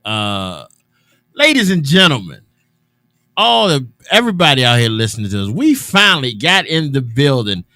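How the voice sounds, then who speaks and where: A man hosting an afternoon radio show in casual talk, loose and chatty with drawn-out hesitations and restarts. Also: mid-range voice, very animated, pushed and bright, dry recording. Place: radio studio.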